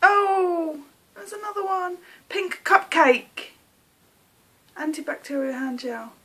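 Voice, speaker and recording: Gushing high-voiced English woman vlogger. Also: takes it slowly, bright, forceful tone. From England. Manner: gushing, effusive thanks. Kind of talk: casual unboxing chat.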